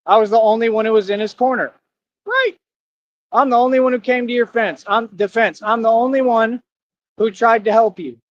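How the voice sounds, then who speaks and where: A man's voice: high-pitched, lo-fi sound. A man streaming live, reading comments and arguing back in a combative, preachy way, full of rhetorical questions. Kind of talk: livestream rant reading comments.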